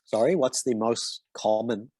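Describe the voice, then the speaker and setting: A man's voice: mid-range voice, unhurried, a little mellow, breathy edge, dry recording. A man answering design questions as a mentor, in a casual and hesitant way with many fillers and restarts. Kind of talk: casual Q&A in an online session.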